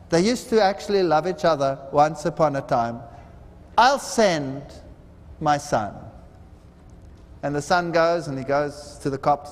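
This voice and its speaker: A man preaching a seminar sermon, telling parables with dramatic voices for the people in them. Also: a little high. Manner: dramatic storytelling, acts out quoted voices. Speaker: seminar speaker. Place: large hall. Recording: reverberant hall.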